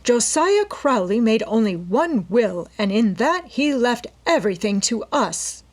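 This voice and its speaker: A woman's voice: fairly high pitch, sing-song, a little slow, pitched above the performer's own voice. A woman voicing a haughty, domineering middle-aged society woman with an imperious, indignant manner in a storybook reading.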